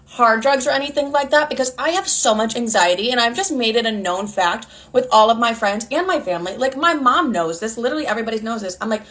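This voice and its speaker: A woman's voice: fairly high pitch, animated, fast talker, hardly any pauses, a bit bright. Chatty exasperated young woman telling a story. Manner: chatty, exasperated, lots of "I'm like". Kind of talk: casual storytime monologue. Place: indoors, doing makeup.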